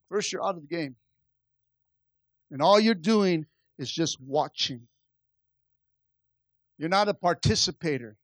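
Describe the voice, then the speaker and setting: High-voiced male pastor preaching. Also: no echo. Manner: preaching with rising and falling intensity, many repetitions and stammered restarts. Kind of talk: sermon.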